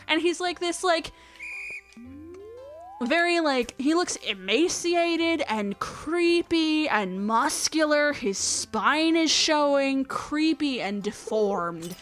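A woman's voice: fairly high pitch, fairly bright tone. A woman hosting a let's-play video, rambling eagerly in casual chat and filling her sentences with "like.". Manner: gushing, rambling storyteller with lots of "like". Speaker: let's-play gamer host. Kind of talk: casual gameplay chatter.

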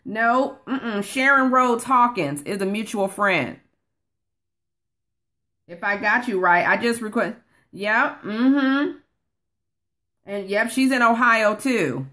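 Chatty woman live-streaming, bright voice. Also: on the high side, slow, pauses often. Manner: chatty, calls viewers honey, reads comments aloud. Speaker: online course coach. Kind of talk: casual live-stream chat.

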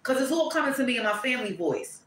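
A woman reading tarot to camera, blunt and profane, breaking into loud exclamations and dropping to quieter asides. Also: high voice, very animated, fast talker, roomy sound, slight background noise, rough recording. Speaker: tarot reader.

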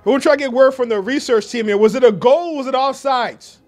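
A man giving play-by-play commentary at a soccer match outdoors, excitable and repetitive, shouting on big plays. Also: very high voice, fast talker, dry recording. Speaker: sports commentator.

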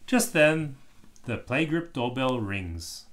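A man reading a children's book aloud with expressive, animated storytelling. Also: lowish voice, a little slow. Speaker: storybook reader.

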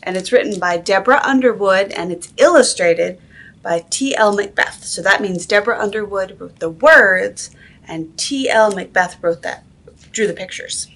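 A woman's voice: medium pitch, moderate pace, fairly bright tone. A woman librarian reading a picture book aloud at a toddler story time, sing-song and asking the children questions.

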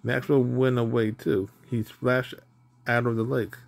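A man reading a children's picture book aloud in a simple, deliberate way, with small stumbles over words. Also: medium pitch, flat delivery, gravelly. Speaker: storybook reader. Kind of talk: children's story read aloud.

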